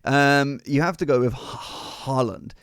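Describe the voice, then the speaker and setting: A man hosting a casual podcast, chatty and playful and quick to laugh. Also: mid-range voice, a bit bright, clean tone, no echo, studio quality. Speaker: podcast host. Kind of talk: casual chat.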